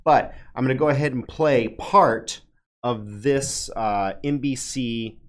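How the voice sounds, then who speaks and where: A man hosting a podcast panel discussion, relaxed and folksy, with frequent fillers and restarts. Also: medium pitch, slow pace. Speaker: podcast host.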